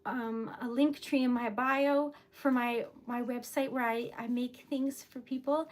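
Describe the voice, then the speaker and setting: A woman's voice: high-pitched, steady tone, a little slow. A young woman from Rhode Island hosting a casual livestream, flustered and giggly, stammering a little as she chats. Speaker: livestream host.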